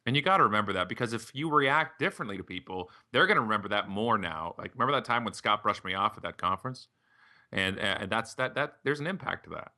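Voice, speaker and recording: A man's voice: on the low side, quick pace. A middle-aged man, a podcast guest and author, chatting casually and acting out the voices of people in his stories. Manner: animated, acts out quoted voices when telling stories. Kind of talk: casual storytelling conversation.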